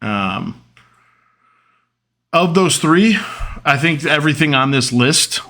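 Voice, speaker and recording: His voice fairly high and bright, with lively intonation, a slow pace, and a forceful tone, a thirty-something podcaster shares personal stories. The casual monologue wanders, with many fillers and restarts, and he's openly emotional throughout.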